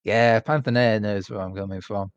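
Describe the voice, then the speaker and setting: A man's voice: fairly low pitch, steady tone, normal speed, clean tone, no echo. Man with a dull lo-fi mic. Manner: eager, explains lore at length. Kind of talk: casual chat on a gaming stream.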